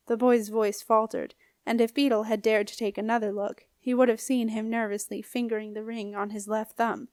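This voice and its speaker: A woman's voice: mid-range voice, steady tone, moderate pace, a little mellow, dry recording, studio quality. Woman reading a children's novel aloud. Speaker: audiobook reader. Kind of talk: storybook narration.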